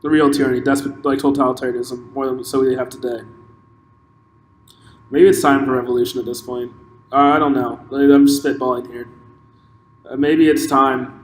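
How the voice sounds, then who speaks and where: A podcast host gives an impassioned monologue of his own opinions, breaking off and starting over as he thinks aloud. His medium voice stays fairly level at a normal speed with frequent pauses. The echoey space adds long reverb and faint noise.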